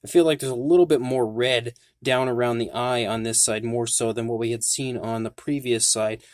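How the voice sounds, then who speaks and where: A man's voice: mid-range voice, fairly even intonation, moderate pace, no room sound, studio quality. A man hosting his own channel, giving an enthusiastic, detailed product review in a casual tone, often saying "like". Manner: enthusiastic, detailed, frequent "like" fillers. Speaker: toy reviewer, channel host.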